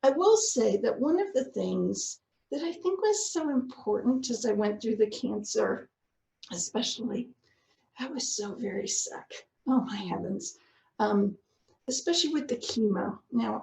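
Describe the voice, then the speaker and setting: Earnest woman with a gravelly voice. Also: on the high side, darkish tone, roomy sound, poor audio. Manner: earnest, heartfelt storytelling. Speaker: guest speaker. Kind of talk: personal faith testimony.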